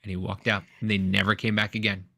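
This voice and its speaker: A man with a gravelly, creaky voice, recorded dry and close with no room sound. He co-hosts a casual podcast and tells a long story in a rambling way, with many restarts. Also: on the low side, fast talker, dry recording. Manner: rambling, animated anecdote with restarts. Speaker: podcast co-host.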